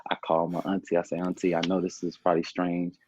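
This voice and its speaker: A man's voice: low-pitched, completely flat delivery, quick pace, a little mellow, a little hiss or hum. A young man from Chicago, a podcast guest, telling his life story in a rambling, casual way, repeating himself and often saying "man". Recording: muffled lo-fi podcast audio.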